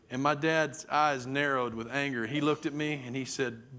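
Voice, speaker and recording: Preacher, middle-aged man, sermon storytelling, mid pitch, dramatic delivery. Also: steady tone, normal speed, bright, forceful tone. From Texas. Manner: vivid, dramatic storytelling with acted-out quotes.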